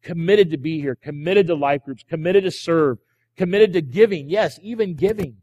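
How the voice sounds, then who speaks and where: A man preaching from the pulpit in a fairly high voice, driving home his points with repeated refrains and pointed rhetorical questions. His words ring out with a long reverb in the church hall. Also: normal speed, a little mellow, dull audio. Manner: emphatic, repeats key phrases, asks rhetorical questions. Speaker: pastor. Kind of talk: sermon. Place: church sanctuary.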